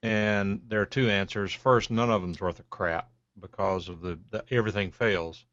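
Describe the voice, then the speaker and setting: A man's voice: fairly low pitch, steady tone, normal speed, fairly bright tone, dry recording. A man co-hosting a tech talk show who reads listener questions and answers them bluntly and matter-of-factly. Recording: dull lo-fi broadcast sound.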